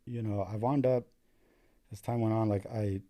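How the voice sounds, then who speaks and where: A man's voice: on the low side, steady tone, moderate pace, dark tone. A young adult American man, a paramedic guest, telling his story in casual, profane talk full of "dude" and "like". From United States. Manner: profane, filler-heavy, says "dude" a lot.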